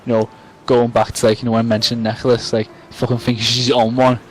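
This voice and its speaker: A man's voice: mid-range voice, level tone, fairly quick, a little hiss or hum, rough recording. Tipsy, rambling young man. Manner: rambling, self-mocking, swears a lot. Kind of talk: casual storytelling to camera.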